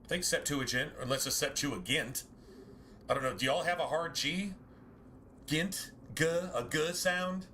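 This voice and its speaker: A man's voice: fairly high pitch, normal speed, bright, forceful tone, slight background noise. A man streaming a game, chatting casually with viewers in a rambling, musing way, correcting himself and swearing now and then.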